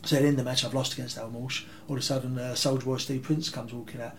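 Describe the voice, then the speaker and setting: A man, telling rambling, animated anecdotes as an interview guest. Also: mid-range voice, racing, slight background noise. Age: 30s. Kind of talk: casual interview storytelling.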